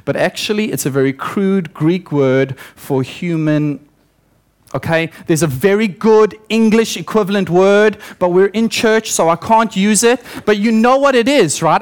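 A man's voice: high-pitched, lively intonation, unhurried. A young male preacher giving a sermon in church, telling stories with acted-out quotes and voices.

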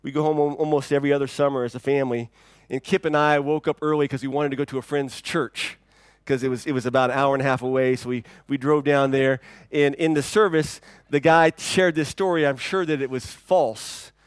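A man preaching a sermon in a relaxed, conversational way, often repeating words as he starts sentences. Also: mid-range voice, fairly quick, clear, resonant tone, dry recording. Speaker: pastor. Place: church.

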